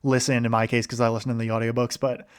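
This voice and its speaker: A man's voice: medium pitch, flat delivery, quick pace, smooth. A man hosting a podcast, rambling casually about books he listened to, with lots of restarts. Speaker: podcast host.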